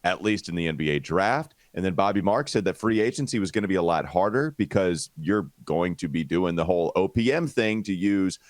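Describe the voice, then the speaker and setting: Deep-voiced man hosting a sports podcast. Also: expressive, fairly quick, few pauses, no room sound, clean studio sound. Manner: teasing, talkative, reads ad copy. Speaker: podcast host. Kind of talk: casual sports podcast chat.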